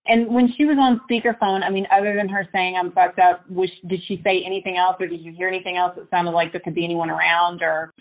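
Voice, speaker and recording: A woman host asking gentle, searching interview questions with restarts. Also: fairly low pitch, little pitch movement, fast talker, few pauses. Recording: tinny phone-line sound.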